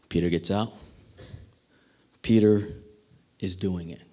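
A man's voice: on the low side, animated, takes it slowly, darkish tone. A man preaching a sermon, asking the listeners questions and acting out the quoted lines. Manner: dramatic, acts out quotes, asks the congregation questions.

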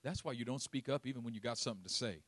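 This pastor's sermon is full of jokes and spirited storytelling, punctuated by his own laughter. He speaks rapid-fire at a medium pitch, and there's no room sound.

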